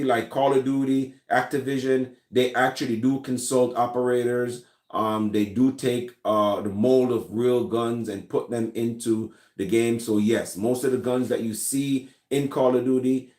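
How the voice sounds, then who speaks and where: A Jamaican man chats casually with his viewers and answers their comments. He rambles along loosely and restarts his sentences often. His mid-pitched voice rings out in an echoey room. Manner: relaxed, rambling, many fillers and restarts. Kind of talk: casual live chat. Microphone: recorded in a room with his gun collection.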